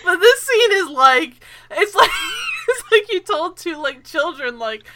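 A woman co-hosting a casual TV recap podcast, animated and laughing, swearing freely. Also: very high voice, measured pace, background noise. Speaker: podcast co-host.

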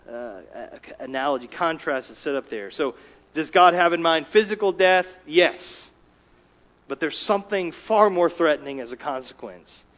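A man preaching a sermon, emphatic, rising in volume for key words and dropping low and quiet between them. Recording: dull lo-fi sound.

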